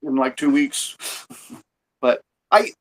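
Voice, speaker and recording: A man's voice: medium pitch, expressive, takes it slowly. A man hosting a podcast in casual chat, rambling and swearing freely, recorded on a phone. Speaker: podcast host.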